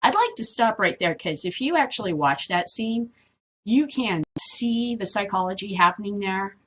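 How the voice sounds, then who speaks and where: A woman's voice: mid-range voice, lively intonation, moderate pace, slightly rough. A middle-aged woman hosting a casual vlog, reading news and commenting on it in a blunt, rambling way that drifts off topic. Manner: rambling, easily sidetracked, blunt and swearing.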